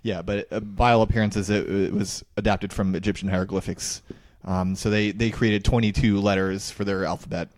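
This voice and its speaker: A man's voice: lowish voice, level tone, moderate pace, few pauses, darkish tone, slight background noise. A man co-hosting a podcast in casual chat, talking hesitantly with many fillers. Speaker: podcast co-host.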